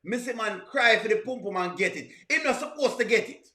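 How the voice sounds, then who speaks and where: Brief: a high-voiced man, teasing reaction host, in an echoey room. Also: expressive, brisk, bright, forceful tone. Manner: preachy, teasing, punchy exclamations. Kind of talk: comedic reaction commentary.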